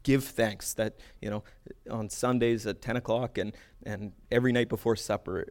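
A man preaching a conversational sermon, casual and animated, with quick asides and restarts. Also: on the low side. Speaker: pastor.

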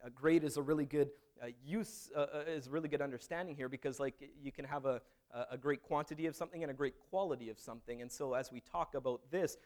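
A man's voice: medium pitch, fast talker, hardly any pauses, a little mellow. A man preaching a sermon in a conversational, storytelling way, with frequent restarts. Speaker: pastor.

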